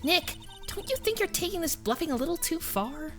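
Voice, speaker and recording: A man voicing a perky young woman sidekick in a game, in a high sing-song pleading voice. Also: very animated, fairly quick, fairly bright tone, faint music behind, heavily acted. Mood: doubtful. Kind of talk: reading game dialogue aloud.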